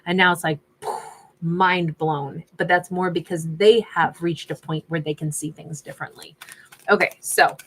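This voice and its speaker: A woman's voice: lowish voice, fairly even intonation, moderate pace, a bit bright. A woman doing a casual tarot reading, chatty and sassy, laughing often and reading out viewer names. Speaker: tarot reader.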